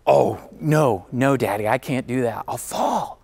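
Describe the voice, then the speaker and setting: A man's voice: medium pitch, expressive, measured pace, creaky, a little mellow, husky, long reverb tail, voice pushed down, heavily acted. A man voicing his small daughter, a timid five-year-old girl, in a storytelling speech. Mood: scared. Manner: childlike pleading quoted speech.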